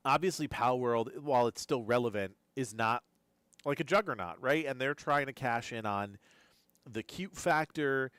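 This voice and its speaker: A man's voice: medium pitch, moderate pace, fairly bright tone, clear, resonant tone, dry recording. Drowsy, rambling male streamer. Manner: rambling, repeats words while thinking aloud. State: drowsy, keeps yawning. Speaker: gaming news streamer. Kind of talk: live-stream reaction commentary.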